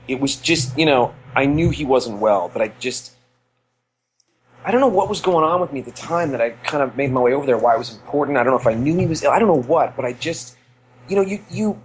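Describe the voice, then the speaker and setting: A man's voice: mid-range voice, a little hiss or hum, poor audio. A middle-aged man co-hosting a podcast, telling earnest stories in a rambling way with many restarts. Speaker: podcast co-host. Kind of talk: casual nostalgic chat.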